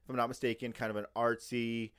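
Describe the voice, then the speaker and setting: A man co-hosting a casual talk. He rants animatedly and swears a lot, with an ordinary middle-pitched voice. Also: fast, clean tone. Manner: profane, animated ranting. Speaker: podcast co-host. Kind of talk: casual chat.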